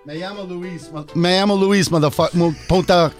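A man's voice: sits high, fairly even intonation, a little fast, over music. A man on a radio show, the DJ, jokingly showing off phrases in Spanish. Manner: playful, mixes in Spanish phrases. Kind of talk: joking banter.

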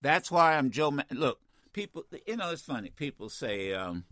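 A man's voice: mid-range voice, sing-song, normal speed, few pauses, pushed and bright, no echo, studio quality. A man hosting a call-in talk radio show, talking in a combative, emphatic way and often repeating himself.

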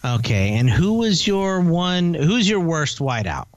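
A man's voice: a little high, sing-song, no room sound. A man co-hosting a podcast, chatting casually and teasingly while rattling off player names and prices. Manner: rambling, teasing, lists names quickly. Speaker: podcast co-host. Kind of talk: casual fantasy football chat.

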